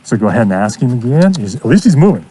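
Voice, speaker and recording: A man coaching a student through horse training outdoors, giving steady encouragement and repeating his praise. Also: medium pitch, fast talker, slight background noise. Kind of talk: hands-on coaching.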